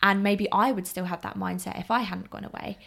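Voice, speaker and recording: A woman's voice: mid-range voice, steady tone, fairly quick, creaky, a bit bright. A young woman in her twenties chatting casually, thoughtful and easygoing. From England. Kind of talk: casual chat.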